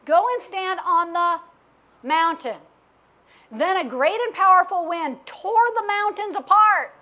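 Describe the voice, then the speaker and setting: Woman preacher, high voice, candid and self-questioning, reads scripture aloud. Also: lively intonation, a little slow, bright, forceful tone. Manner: candid, self-questioning Bible teaching with acted quotes. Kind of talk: sermon.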